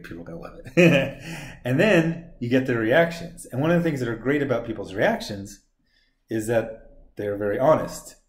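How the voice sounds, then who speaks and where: A man talks through his opinions in a loose, rambling, sarcastic way, the casual commentary of someone who makes comics on the side. His voice sits at an ordinary middle pitch. The room around him rings with a noticeable echo. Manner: sarcastic, rambling, mocks others in put-on quotes. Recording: roomy echo.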